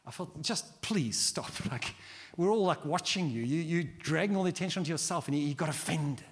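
Animated preacher man in a reverberant hall. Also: on the high side, brisk. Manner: animated, acts out quoted prayers. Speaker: pastor. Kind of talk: sermon. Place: large church hall.

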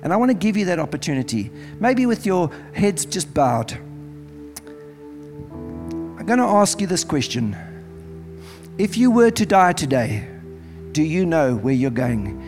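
A man's voice: a little high, very animated, unhurried, pauses often, darkish tone. A man preaching as pastor in a church service, earnest and pleading, repeating phrases as he leads an altar call. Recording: music playing behind.

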